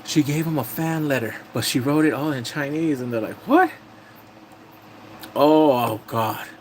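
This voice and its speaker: A young man casually recapping episodes of a drama, telling it in an animated, blunt way with casual swearing. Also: fairly high pitch, fairly quick, slight background noise.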